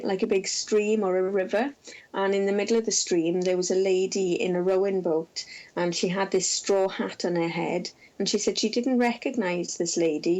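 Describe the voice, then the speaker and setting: A middle-aged woman, a researcher and former intensive care nurse, recounting case stories in an interview with gentle, measured storytelling and frequent fillers. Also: medium pitch, rough recording.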